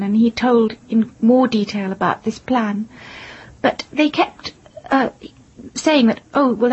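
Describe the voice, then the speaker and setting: Woman interviewee, husky, measured and composed; dull lo-fi sound. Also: a little high, darkish tone. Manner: measured, composed, careful recounting. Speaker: interviewee, widow of the victim. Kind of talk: interview answers. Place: in London. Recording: dull lo-fi broadcast audio.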